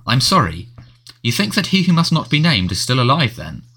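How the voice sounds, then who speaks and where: A man's voice: mid-range voice, big pitch swings, a little fast, bright, forceful tone, slightly rough, exaggerated voice. A man voicing a harassed middle-aged male head of government who splutters indignantly. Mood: indignant, flustered.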